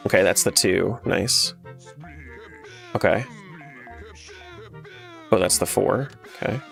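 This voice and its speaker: A man's voice: deep voice, slow, creaky, faint music behind. A man streaming a randomizer game, chatting casually and joking with his chat as he plays. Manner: joking, animated, talks back to chat.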